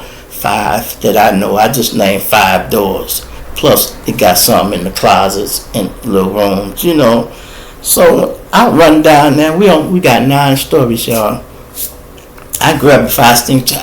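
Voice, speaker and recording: A man with a Chicago accent, hosting a podcast and telling a profane, animated story to listeners in casual chat. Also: medium pitch, creaky, poor audio. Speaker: podcast host. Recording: faint background noise.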